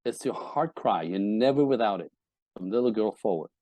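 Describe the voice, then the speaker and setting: A man's voice: lowish voice, lively intonation, moderate pace, dark tone, no echo, lo-fi sound. A man on a podcast as a relationship coach guest, speaking bluntly and emphatically, swearing often and acting out quoted partners. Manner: acts out quoted voices of wives and husbands. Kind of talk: candid podcast interview.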